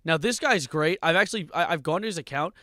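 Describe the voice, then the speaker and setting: A man's voice: on the high side, animated, fast, bright, forceful tone, no echo, clean studio sound. A man livestreaming, casually reacting to clips with wry asides and laughter. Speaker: streamer.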